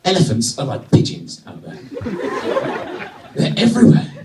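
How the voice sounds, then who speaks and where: A man from Britain doing a stand-up routine, telling a wry story with sudden excited bursts. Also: moderate pace, far from the mic, noisy background. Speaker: stand-up comedian. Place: comedy venue with a live audience. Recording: echoey venue, mic from afar.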